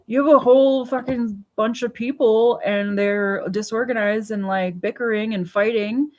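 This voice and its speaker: A woman's voice: on the high side, steady tone, normal speed, a little mellow, low-quality recording. A woman in her forties rambling at home in a casual personal vlog, blunt and swearing freely. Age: 40s. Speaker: vlogger. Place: home with pets.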